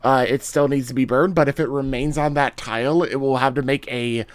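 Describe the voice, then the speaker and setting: A man acting as game master, narrating and making rulings in a relaxed way, thinking aloud with fillers as he goes. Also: mid-range voice, fairly quick, dry recording.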